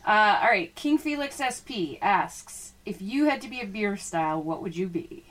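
A woman's voice: mid-range voice, lively intonation, normal speed, fairly bright tone. A woman hosting a casual sports podcast, chatty, laughing easily and reading out listener questions. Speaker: podcast host.

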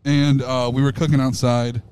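A man's voice: mid-range voice, normal speed, a little hiss or hum. A man co-hosting a podcast from the passenger seat of a moving truck, joking around and swearing freely. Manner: profane, joking, excitable. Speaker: podcast co-host. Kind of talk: casual chat.

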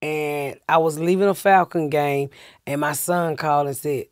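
A woman telling a story casually as a podcast guest, lively and profane, acting out what people said. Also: low voice, moderate pace, dry recording, clean studio sound.

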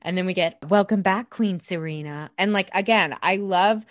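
A woman's voice: mid-range voice, normal speed, no echo, clean studio sound. A woman co-hosting a podcast, chatting casually and joking as she recaps a TV episode, swearing freely. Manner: swearing, joking, lively reactions. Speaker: podcast co-host.

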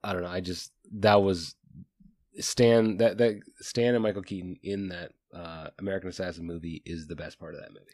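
A man's voice: low voice, steady tone, brisk, a little mellow, no echo, studio quality. A man co-hosting a casual book discussion, rambling with many fillers and restarts. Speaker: podcast co-host.

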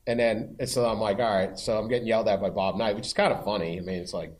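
A man's voice: lowish voice, fairly even intonation, fast. Male columnist guest, laid-back and rambling, self-deprecating. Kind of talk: live podcast chat before an audience.

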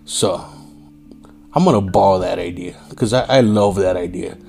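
A low, gravelly, mellow voice at a moderate pace belongs to a tired solo podcaster. He's casual, foul-mouthed and streetwise, leans on "yo" a lot, and raises his voice when imitating enraged drivers.

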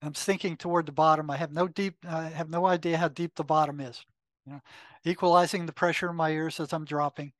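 A man's voice: on the high side, a little fast, no room sound. Older storytelling man, close and dry. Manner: animated retelling with quoted inner dialogue, frequent fillers. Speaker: guest, retired psychotherapist. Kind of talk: conversational storytelling.

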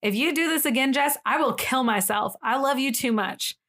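A woman's voice: high-pitched, normal speed, a bit bright. A woman voicing a whiny, volatile young man in a dramatic podcast retelling, raising her voice into exasperated outbursts.

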